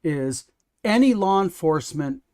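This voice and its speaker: A male host leading a casual livestream discussion, blunt and emphatic. His voice sits a little above the usual male pitch. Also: animated, measured pace, darkish tone, smooth.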